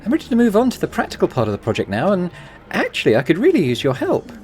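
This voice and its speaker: A man's voice: high voice, wildly swooping pitch, quick pace, a little mellow, voice pushed up. A man playing an eager young plant student. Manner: upbeat, chatty, persuasive.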